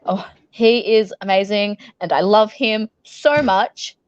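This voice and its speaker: A woman's voice: medium pitch, slow, clean tone, dry recording, muffled recording. A young Australian woman, a professional wrestler being interviewed, tells stories casually, laughing often and swearing freely.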